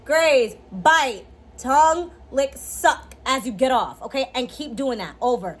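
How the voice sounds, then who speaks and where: Young woman vlogger, high-pitched, chatty and animated, slangy casual delivery. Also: measured pace. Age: 20s. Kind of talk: casual tutorial chat.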